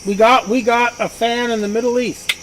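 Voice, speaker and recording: High-voiced man running a tabletop game. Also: moderate pace, noisy background. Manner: relaxed, frequent murmured agreement. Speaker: game master. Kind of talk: casual tabletop game narration.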